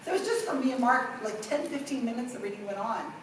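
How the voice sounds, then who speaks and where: Middle-aged woman presenter, fairly high voice, animated storyteller; recorded from afar in a very echoey room. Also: fast, recorded from a distance, slight background noise. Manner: animated storytelling with acted-out quotes. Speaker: workshop presenter. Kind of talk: conference workshop talk. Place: conference room.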